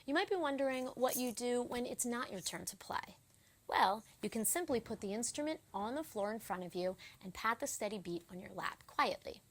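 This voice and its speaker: A woman teaching children a rhythm lesson, speaking slowly and clearly in a gentle, encouraging way. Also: a little high, animated, a little hiss or hum. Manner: gentle, encouraging, counts beats aloud. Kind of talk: slow, clear instruction for children.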